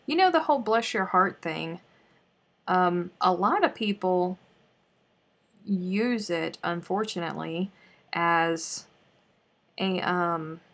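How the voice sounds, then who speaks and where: Southern lady hosting a crochet stream, slow easy talk, kinda gravelly low voice, counts stitches quietly. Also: animated. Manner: chatty, counts stitches under her breath. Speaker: crochet live stream host. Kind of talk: casual live stream chat while crocheting.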